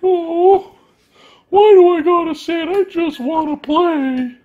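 A man's voice: slow pace, phone-quality sound. A man voicing his pet dog as a needy, sassy, whiny animal who only wants to play. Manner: whiny, pleading high voice.

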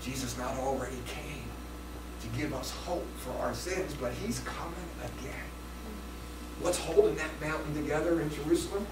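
A man preaching a sermon as pastor, swinging between loud passages and hushed ones. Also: on the high side, normal speed, noisy background. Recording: echoey room from a distance.

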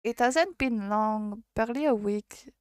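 A woman's voice: a little high, a little slow, smooth, no room sound, clean studio sound, lightly acted. A French woman voicing a nervous, earnest young woman in a game, in her own voice. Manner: nervous, faltering.

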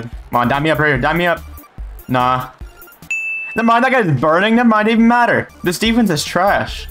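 Young male gamer, cocky play-by-play, a bit high-pitched, faint music under him. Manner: boastful, joking trash talk. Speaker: gaming YouTuber. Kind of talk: live gameplay commentary.

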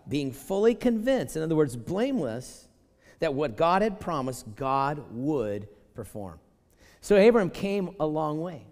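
A pastor preaching a sermon in a lively, conversational way, acting out quoted voices and joking with the congregation. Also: male voice, fairly high pitch, long reverb tail. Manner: animated, acts out quoted voices and jokes. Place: church sanctuary.

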